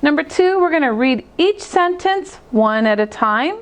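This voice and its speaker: A woman teacher with a high, light voice walks young children through a math lesson. She explains each step slowly and clearly, the way she would in a classroom. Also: animated. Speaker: second grade teacher. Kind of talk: recorded math lesson for kids.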